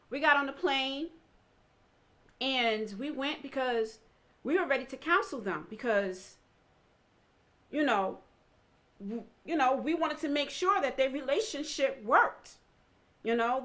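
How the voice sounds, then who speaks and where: A woman with a high voice speaks steadily and earnestly. She keeps the talk flowing with frequent fillers and sounds sincere. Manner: steady, earnest, uses many "you know" fillers. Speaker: guest, friend and counselor of the couple. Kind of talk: conversational interview.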